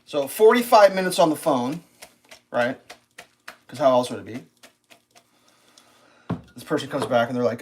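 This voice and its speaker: A man's voice: fairly high pitch, sing-song, normal speed, long pauses, slightly rough. A man livestreaming, telling a long exasperated story about customer service, swearing freely. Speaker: live streamer. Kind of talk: casual livestream rant.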